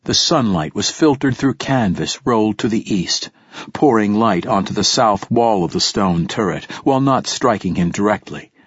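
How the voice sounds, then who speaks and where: A man narrating an audiobook in a measured, descriptive storytelling manner. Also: fairly low pitch, expressive, husky, dry recording. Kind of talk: scripted narration. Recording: slightly dull audiobook recording.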